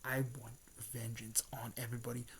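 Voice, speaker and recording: A man voicing a bitter, vengeful male villain in a hushed, unvoiced whisper while retelling a story. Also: mid-range voice, completely flat delivery, a little fast, slight background noise, close to an everyday voice.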